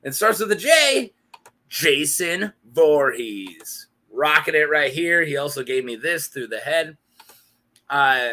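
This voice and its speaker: A man's voice: a little high, sharp tone. A young man hosting a casual, joking video chat, who laughs often and banters with himself. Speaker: YouTube host.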